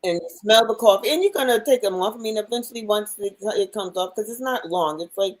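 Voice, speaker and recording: A woman's voice: mid-range voice, a little fast, rough recording. A woman with a mid-range voice chats on a casual talk show. She explains her plans eagerly and keeps the talk moving. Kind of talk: casual chat.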